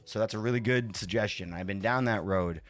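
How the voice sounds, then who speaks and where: A livestream host with a lowish voice talks briskly over soft background music. He chats and rambles casually, going back and forth between his chat and fiddling with his setup.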